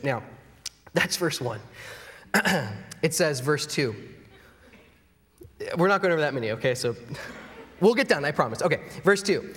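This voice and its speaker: A man's voice: a little high, animated, a little slow, long pauses, fairly bright tone. A man in his thirties preaching a sermon in a conversational, earnest way, with self-deprecating humor. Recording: long hall reverb.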